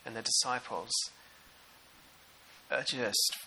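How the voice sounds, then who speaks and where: A New man preaching a sermon in an animated, conversational way and putting questions to the congregation. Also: mid-range voice, takes it slowly, creaky, slight background noise, poor audio.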